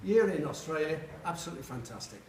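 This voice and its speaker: Older guy from sheffield doing an after-dinner speech, fairly high voice, mic a bit far off, echoey room with faint hum. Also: big pitch swings, fast, darkish tone. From Sheffield, England. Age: 70s. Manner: jokey storyteller acting out quoted voices. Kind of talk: humorous anecdotes at a reunion lunch. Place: large dining hall. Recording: echoey hall, voice picked up from afar, faint hum.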